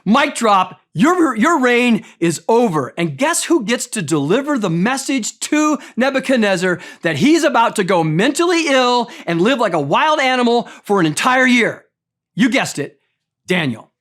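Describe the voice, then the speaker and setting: A man's voice: very high-pitched, big pitch swings, normal speed, a bit bright. A man preaching a conversational sermon as pastor, speaking straight to his congregation and often repeating words as he talks.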